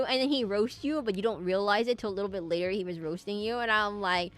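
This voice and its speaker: A woman's voice: mid-range voice, quick pace, hardly any pauses. A young woman streaming a game, rambling and laughing as she tells stories to her chat. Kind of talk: casual gameplay stream chat. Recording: game music behind.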